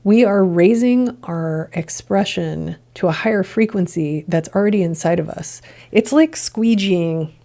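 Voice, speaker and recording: A woman's voice: lowish voice, measured pace, gravelly, hardly any pauses, warm tone. A woman hosting a podcast, musing earnestly in a reflective solo monologue full of rhetorical questions. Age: adult, past childhood and drinking years. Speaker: podcast host, integration coach.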